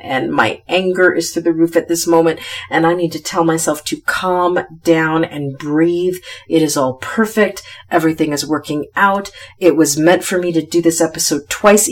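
A woman hosting a solo podcast, talking candidly and thinking aloud to her listeners. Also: deep voice. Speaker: podcast host.

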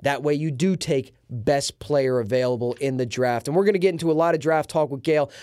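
A man's voice: mid-range voice, a little fast, a little mellow, smooth, dry recording, studio quality. A man hosting a sports podcast, talking in a casual, emphatic and assertive way. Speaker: podcast host.

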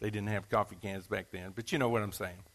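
A man's voice: fairly low pitch, fairly even intonation, fast, a bit bright. A male pastor preaching a Sunday sermon, telling stories with repeated phrases and folksy asides. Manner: storytelling with repetition and asides.

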